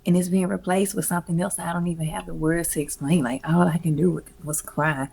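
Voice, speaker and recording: Deep-voiced woman with some vocal fry, candid music curator telling stories with slang and cussing. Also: fairly quick, slight background noise. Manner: expressive, slangy, profane. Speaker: music event curator, guest. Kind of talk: casual storytelling interview.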